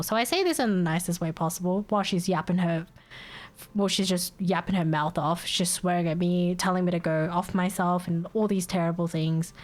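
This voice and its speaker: A woman's voice: fairly low pitch, fairly even intonation, a little fast, a little mellow. A woman streamer telling a story to her chat in a casual way, exasperated, swearing freely and laughing often.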